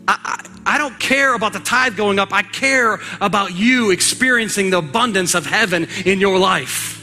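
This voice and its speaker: A male pastor preaching a sermon with emphatic exhortation, sometimes rising to a shout, in a church. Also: high-pitched, normal speed, few pauses, faint music behind. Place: church sanctuary.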